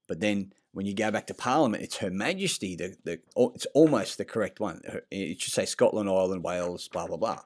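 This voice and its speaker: A deep-voiced man rambles through a self-recorded vlog, circling back on himself with fillers and false starts. He is blunt and swears freely. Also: animated, brisk, few pauses, a little mellow. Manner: rambling, meandering, frequent fillers and restarts; blunt and profane. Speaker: vlogger. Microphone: self-recorded clip.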